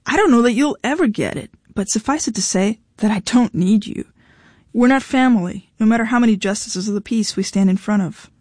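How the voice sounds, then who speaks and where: A woman's voice: on the high side, fairly quick, darkish tone, no echo, clean studio sound, lightly acted. A woman reading the lines of a blunt, defiant young woman who speaks in a cutting, dismissive way.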